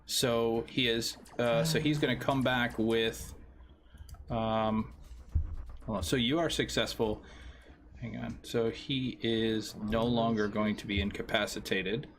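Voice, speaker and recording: A man running a tabletop game as game master, explaining dice rules in a halting way with many restarts. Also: mid-range voice, fairly even intonation, a bit bright, a little hiss or hum. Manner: halting, restarts often while working the tool.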